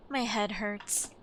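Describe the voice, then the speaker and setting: Brief: playful woman streamer, bright clear tone, chatty gameplay commentary. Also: fairly high pitch, slight background noise. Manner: playful, reads game lines aloud, laughs often.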